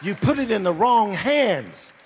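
A man preaching a sermon as pastor, emphatic and often shouting. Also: high voice, big pitch swings, unhurried, some chatter behind, slight background noise. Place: church sanctuary. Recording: reverberant church hall.

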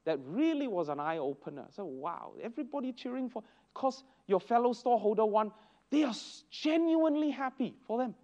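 A man leads a church Bible lesson, telling anecdotes with bursts of exclamation. His voice sits high and leaps around expressively. The recording sounds dull and lo-fi. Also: normal speed. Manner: animated storytelling with exclamations. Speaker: Sunday school teacher.

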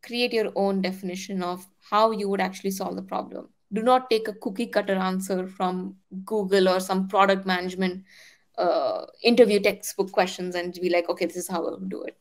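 A young adult woman, a product manager, giving candid and energetic career advice, often repeating her key points. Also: medium pitch, normal speed.

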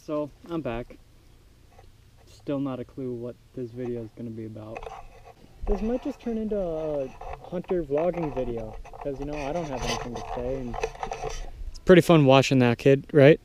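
A man's voice: medium pitch, moderate pace. Teen guy vlogging at camp, rambly and self-mocking, a little noise behind him. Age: teens. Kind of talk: casual vlog chat. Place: outdoors at a scout camp.

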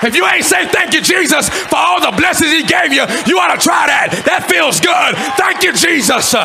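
High-pitched shouting male preacher. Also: lively intonation, normal speed, creaky, a crowd in the background. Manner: shouting, exhorting preacher with fiery, rhythmic delivery. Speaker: pastor. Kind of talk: sermon. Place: church sanctuary. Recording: live church service with congregation noise.

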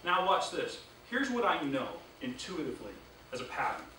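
A male sales trainer leading a classroom training session, energetic and quizzing the class with questions. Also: a little high, moderate pace. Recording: echoey room, distant mic, background noise.

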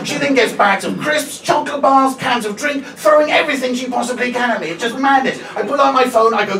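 A man's voice: very high-pitched, fairly quick, few pauses, reverberant, some chatter behind, slight background noise. A man in his forties doing stand-up, chatty and self-deprecating, telling a story with lots of "right?". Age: 40s. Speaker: stand-up comedian. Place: comedy venue stage. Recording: live room, mic at a distance, loud audience.

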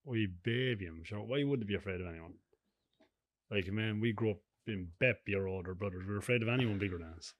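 A man's voice: lowish voice, fast talker, no room sound, muffled recording. A middle-aged Irish man chatting as a guest on a podcast, rambling through anecdotes and chuckling often. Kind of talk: casual podcast chat.

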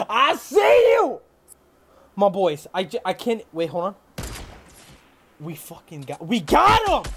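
A young man calls out his own gameplay with a very high, bouncy voice that swoops up and down. He takes his time with the words, bragging and hyped, and breaks into yells when things go his way. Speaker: gamer. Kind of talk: live gameplay commentary.

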